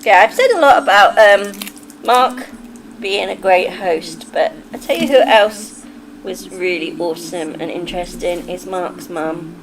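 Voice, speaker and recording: A woman's voice: fairly low pitch, a little slow, low-quality recording. An English woman hosting a livestream, chatting casually with her viewers, laughing often and drifting onto tangents. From England. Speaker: livestream host. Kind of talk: casual chat reading a live chat.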